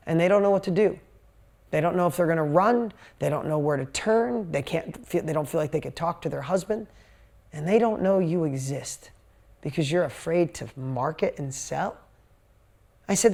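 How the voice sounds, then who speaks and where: A man's voice: high voice, darkish tone. A man giving a sales talk to a live seminar audience, telling stories animatedly, acting out quotes and swearing casually. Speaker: seminar speaker. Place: event stage before a live audience.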